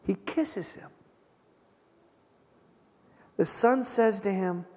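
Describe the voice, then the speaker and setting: A man preaching a sermon, retelling a scripture story with dramatic pauses and emphasis. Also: sits high, a little mellow. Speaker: pastor. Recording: long hall reverb.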